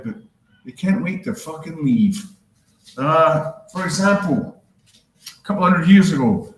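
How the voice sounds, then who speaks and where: A man with a Glaswegian Scottish accent tinged with Canadian, doing a stand-up comedy set in a dry, deadpan, self-deprecating way. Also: a little high. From Scotland. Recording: roomy echo.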